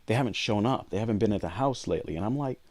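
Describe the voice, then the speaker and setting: A man's voice: fairly low pitch, racing, darkish tone, no echo, clean studio sound. A man co-hosting a podcast, candidly telling a personal story in an earnest way and acting out past conversations. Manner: earnest, reenacts past dialogue. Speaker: podcast co-host.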